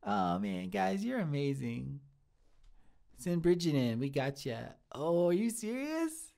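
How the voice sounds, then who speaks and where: A man playing Pickles, a slow gravelly sweet cook. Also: sits high, heavily acted. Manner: earnest, easily flattered, rambling. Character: sweet shy male restaurant cook, 34. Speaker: character on a live stream. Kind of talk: improvised live-stream character comedy.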